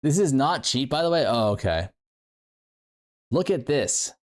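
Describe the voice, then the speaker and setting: A young male game streamer chats casually with his viewers in a mid-range, sing-song voice, taking his time. His livestream talk rambles playfully and is packed with fillers.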